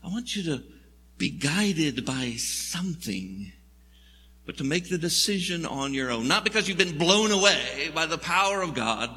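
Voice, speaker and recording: A man's voice: mid-range voice, bright, forceful tone, breathy edge, big-room sound. A male pastor preaching a sermon, telling the story in a conversational, wry way with jokes.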